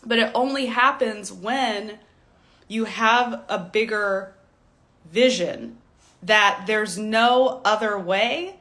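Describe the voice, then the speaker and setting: A woman's voice: mid-range voice, takes it slowly, a bit bright. A woman in her thirties, a stylist business coach, giving a blunt, profane motivational rant with mocking impressions.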